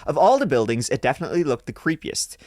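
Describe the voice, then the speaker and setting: A man's voice: mid-range voice, very animated, fast talker, a little mellow, no echo, studio quality. Joking male podcast host reading stories. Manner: crude joking asides between read passages. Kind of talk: casual podcast banter while reading aloud.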